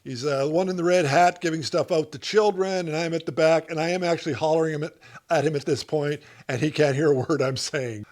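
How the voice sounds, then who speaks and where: A man teaching comedy writing to camera, in an instructional talk with dry, deadpan asides. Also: a little high, brisk.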